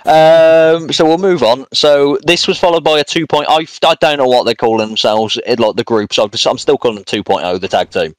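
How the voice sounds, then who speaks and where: A man's voice: medium pitch, normal speed, few pauses, no room sound. Man, podcast co-host, casual rambling recap, jokey, dry recording. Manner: rambling, jokey, lots of fillers. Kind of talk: casual wrestling review chat.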